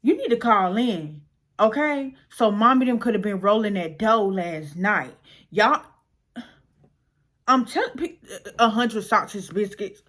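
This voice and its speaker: Animated young woman telling a story. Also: medium pitch, a little slow. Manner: animated, slangy, acts out voices. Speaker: storyteller vlogger. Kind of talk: casual storytime chat.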